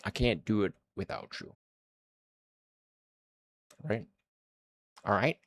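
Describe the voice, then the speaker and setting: A man's voice: on the low side, wildly swooping pitch, slow, creaky, fairly bright tone, breathy edge. A man streaming his indie game development, chatting to viewers in a hyped-up, rambling way. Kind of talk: casual livestream chat.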